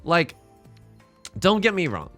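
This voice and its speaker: A young man giving casual, joking commentary over his own gameplay, slipping in quick impressions. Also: high-pitched, huge pitch swings, fairly bright tone, faint music behind. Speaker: let's play streamer. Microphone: headset mic.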